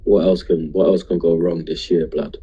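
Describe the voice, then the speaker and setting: A man's voice: low voice, level tone, moderate pace, warm tone, highs cut off, slight background noise. A young man, drunk and talking in a rambling, emotional way on a casual livestream. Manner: rambling, emotional, heavy street slang. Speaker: livestream host.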